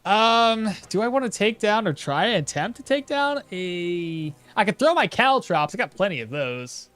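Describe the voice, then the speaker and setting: A young man streaming a survival game, chatting loosely and telling a profane story with sudden loud outbursts. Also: sits high, big pitch swings, normal speed, smooth. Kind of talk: casual gameplay commentary.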